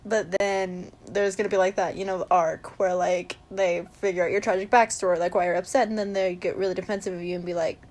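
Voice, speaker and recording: A woman chatting casually about her favorite anime characters, gushing and breaking into excited squeals. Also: on the low side, a little fast, few pauses. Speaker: fan video creator. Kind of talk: casual fan commentary.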